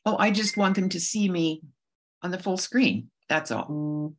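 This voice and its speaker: A middle-aged woman with a notably low voice speaks over a video call. She tells a personal story earnestly and at a measured pace, often stopping to restart a phrase. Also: animated. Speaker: guest speaker.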